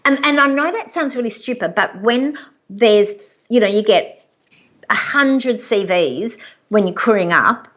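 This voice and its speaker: A woman, an executive producer giving chatty, animated career advice in a live interview. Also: on the high side, a little slow, muffled recording. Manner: chatty, animated, acts out quoted people.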